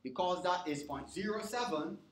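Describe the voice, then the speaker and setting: A man's voice: sits high, animated, moderate pace. A male lecturer teaching a class in an interactive way, often stopping to check whether the students are following. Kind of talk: university lecture. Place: lecture hall. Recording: echoey lecture hall recording.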